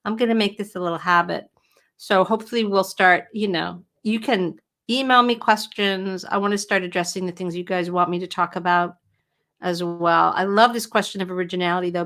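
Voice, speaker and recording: A middle-aged woman with a lowish voice streams casually from home as a writing coach. She's animated and conversational as she takes viewer questions, captured through a webcam or built-in computer mic.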